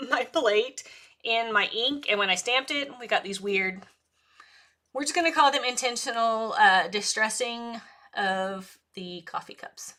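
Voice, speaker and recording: A woman's voice: a little high, unhurried, pushed and bright. A woman hosting a live crafting stream, chatting casually and talking to herself as she works, often laughing. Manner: rambling, self-talk while working, laughs often. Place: crafting desk.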